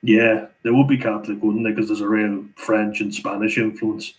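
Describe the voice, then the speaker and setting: A man's voice: lowish voice, little pitch movement, moderate pace, poor audio. An Irish man hosting a casual live Q&A, chatting with viewers and laughing often between remarks. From Ireland. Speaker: channel host answering viewer questions.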